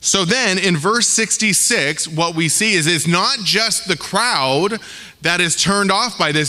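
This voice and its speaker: A man with a slightly high, bright and forceful voice preaches a sermon in a conversational, slangy way. He acts out the voices of the people he quotes. The sound carries a long reverb from a church sanctuary. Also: a little slow. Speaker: pastor.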